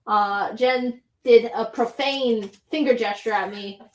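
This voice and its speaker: A woman hosting a live comic book sales show, running through items and prices in a brisk, chatty way from a comic shop. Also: fairly high pitch. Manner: brisk, chatty item rundown.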